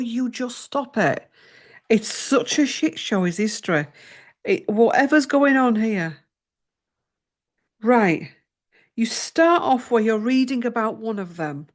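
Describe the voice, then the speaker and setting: A woman hosting a tarot channel, flustered and swearing as she talks through her research in casual chat. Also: on the high side. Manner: flustered, muttering and swearing to herself.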